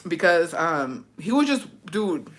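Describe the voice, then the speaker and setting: Young woman, livestream host, slightly low voice, swearing constantly, quick and casual. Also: big pitch swings. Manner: profane, rapid storytelling, slipping Spanish words in. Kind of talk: casual storytelling chat.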